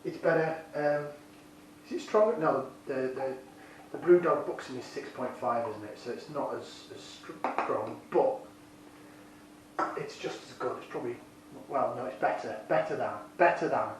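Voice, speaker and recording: A man casually reviewing a beer, enthusiastic and rambling, deliberately keeping his voice down, recorded on a camera's built-in microphone. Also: mid-range voice, expressive. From United Kingdom. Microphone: built-in camera mic. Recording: very echoey room, distant mic, faint noise.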